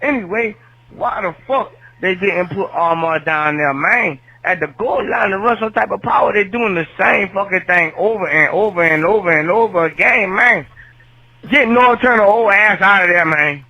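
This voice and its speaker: A man's voice: high-pitched, normal speed, sharp tone, low-quality recording. A man calling in to a fan podcast, ranting with heated, profane complaints. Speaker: caller. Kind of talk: phoned-in fan rant.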